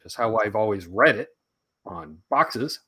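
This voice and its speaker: A man's voice: lowish voice, animated, unhurried, pushed and bright, breathy edge. A man hosting a casual livestream chat with a Canadian accent, loose and joking, swearing freely. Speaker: host.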